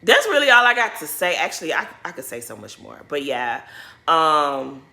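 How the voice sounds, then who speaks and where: A woman talks through a TV episode in a sassy, emphatic way and keeps circling back to repeat her points. Her voice sits a bit low but swings widely, with a bright, forward tone. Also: sing-song, moderate pace, gravelly. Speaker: recap host. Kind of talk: casual reality TV recap.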